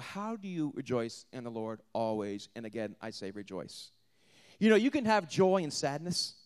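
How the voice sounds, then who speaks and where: A male pastor preaching a sermon, moving between loud emphasis and hushed passages, often repeating words as he restarts. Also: fairly high pitch. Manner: animated, dramatic swings between loud emphasis and hushed delivery.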